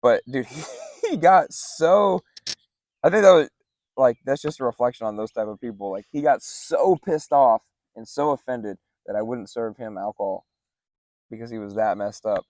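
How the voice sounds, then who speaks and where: A young man telling a story casually as podcast co-host, loose and animated, with lots of "like" and "dude". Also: mid-range voice, normal speed, dry recording. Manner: animated, acts out other people's lines in raised voices; laid-back, says "like" and "dude" a lot.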